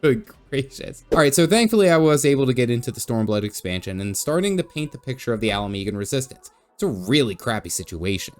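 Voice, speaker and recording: A man's voice: mid-range voice, animated, quick pace, few pauses, faint music behind. A man narrating a casual, joking recap of his video game stream and sometimes putting on goofy voices for characters. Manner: jokey, goofy voices when quoting characters.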